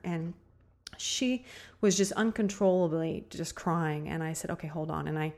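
A middle-aged woman hosting a motivational podcast, talking earnestly and repeating key phrases slowly for emphasis. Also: lowish voice, a little mellow. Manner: earnest, repetitive, emphatic with slow stressed phrases. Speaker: podcast host. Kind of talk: motivational monologue.

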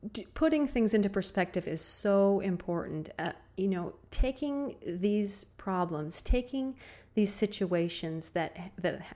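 A middle-aged woman with a slightly low voice hosts a motivational talk show. She speaks earnestly and leans on repeated phrases, slowing right down to stress them. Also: darkish tone. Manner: earnest, repetitive, emphatic with slow stressed phrases. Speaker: podcast host. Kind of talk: motivational monologue.

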